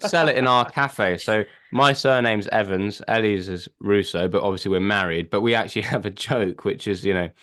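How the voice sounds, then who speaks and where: A man's voice: lowish voice, moderate pace, hardly any pauses, fairly bright tone, no echo. A man guesting on a podcast, chatting casually and joking.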